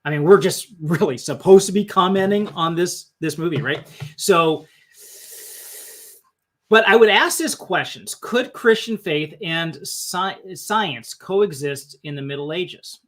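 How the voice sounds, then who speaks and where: Host, a man with a fairly high voice, musing and thinking aloud on a live stream. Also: measured pace, a bit bright.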